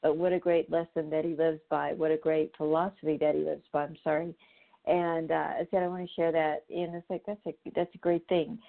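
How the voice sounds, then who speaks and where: A woman's voice: low voice, flat delivery, brisk, gravelly. A woman hosting a show, talking casually in a rambling way with lots of fillers and restarts. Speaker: show host. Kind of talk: casual spoken monologue. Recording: tinny phone-line sound.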